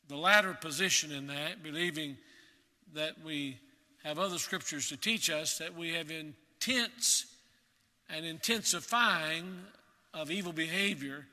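A man preaching a sermon in a measured, emphatic way, repeating key words for weight. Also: fairly high pitch, sharp tone, long reverb tail.

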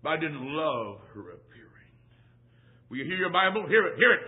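A man's voice: fairly high pitch, very animated, normal speed. A man preaching a sermon, telling a folksy story from his boyhood in an emphatic way and repeating phrases for effect. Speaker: traveling preacher. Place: church. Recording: tinny phone-like recording.

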